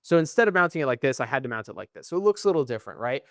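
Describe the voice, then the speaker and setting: A man's voice: mid-range voice, very animated, very fast, dry recording, clean studio sound. Tired young man telling rambling stories. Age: young adult. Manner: rambling, profane storytelling, trailing off quietly. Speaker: podcast co-host. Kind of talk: casual chat.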